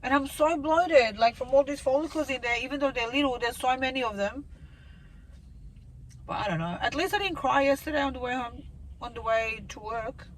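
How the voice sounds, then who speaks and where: A woman's voice: high-pitched, a little fast, a little hiss or hum, poor audio. A woman in her thirties telling a rambling, emotional story straight to camera in a casual vlog update. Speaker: vlogger.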